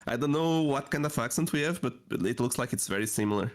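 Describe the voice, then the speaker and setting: A man speaks English with a strong Portuguese accent, his native tongue showing through. He talks in a loose, casual podcast chat at a middle pitch, often pausing and hunting for the right word. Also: lively intonation. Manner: hesitant, searching for English words. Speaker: podcast co-host.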